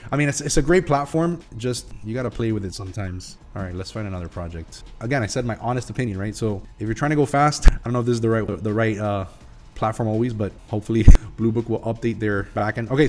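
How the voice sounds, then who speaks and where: A man who coaches construction contractors, walking through a software platform on screen in a casual, rambling review with salesy asides. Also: medium pitch. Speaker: construction business coach and channel host.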